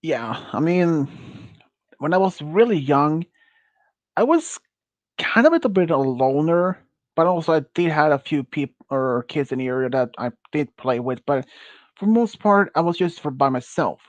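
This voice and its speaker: A Swedish-accented man chats with friends on a stream, rambling and halting as he corrects himself. His voice sits a little high. The recording is dry and a bit muffled. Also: animated, dry recording. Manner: rambling, halting, self-correcting, laughs often. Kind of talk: casual chat with friends. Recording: muffled dry close mic.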